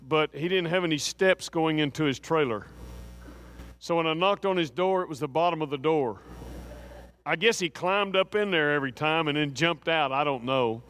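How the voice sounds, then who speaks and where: Animated folksy man telling a story. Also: on the high side. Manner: animated, acts out voices, folksy asides. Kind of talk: anecdotal storytelling.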